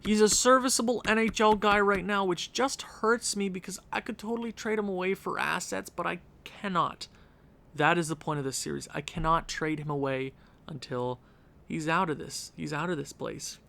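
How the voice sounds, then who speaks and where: A young man giving energetic, opinionated commentary on a hockey franchise mode, rambling and correcting himself as he goes. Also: high-pitched, normal speed, vocal fry. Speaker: gaming YouTuber.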